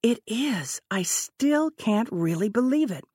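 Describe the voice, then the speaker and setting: A woman voicing an awed young woman intern who speaks softly and with wonder in an audiobook. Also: a little high, expressive, takes it slowly, husky, no echo, studio quality, full character voice. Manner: wondering, soft-spoken.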